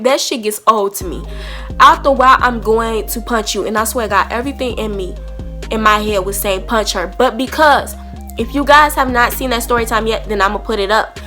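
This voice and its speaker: Animated bright young woman vlogger. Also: a little high, moderate pace, faint music behind. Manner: animated, acts out both sides of an argument, curses freely. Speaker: storytime vlogger. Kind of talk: casual storytelling to camera.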